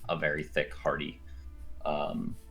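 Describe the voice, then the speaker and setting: A man's voice: very deep voice, completely flat delivery, measured pace, a bit bright, soft background music. A man narrating as game master of a tabletop game, hesitant and full of fillers.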